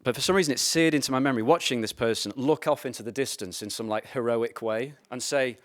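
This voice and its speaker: A man's voice: mid-range voice, fast, hardly any pauses. A man lecturing a live audience, sardonic, with wry asides and quoted voices acted out in passing. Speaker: speaker at a political school.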